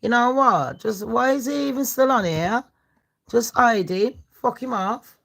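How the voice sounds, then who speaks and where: Between stretches of true-crime chat, a woman in her 40s running a live stream swears, rants and goes after commenters. Her voice sits a little high and is creaky and slightly bright, and she takes her time.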